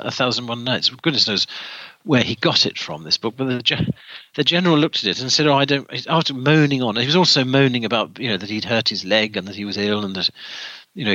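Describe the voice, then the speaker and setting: A man recounts a story as an interview guest, stumbling through restarts and fillers as he goes. His voice is bright and forward, set in a dry space with no room sound. The recording is a little dull and lo-fi. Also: mid-range voice, no room sound. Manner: hesitant, many restarts and fillers. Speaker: author and guest.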